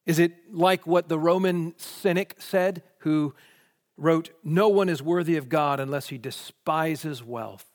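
A man's voice: on the high side, a little slow, a little mellow, big-room sound. A man preaching a sermon, posing question after question before answering them emphatically.

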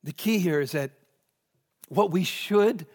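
Slow, high-voiced man preaching in a hall. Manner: emphatic, swings between raised and hushed delivery. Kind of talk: expository sermon. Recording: long reverb of a large hall.

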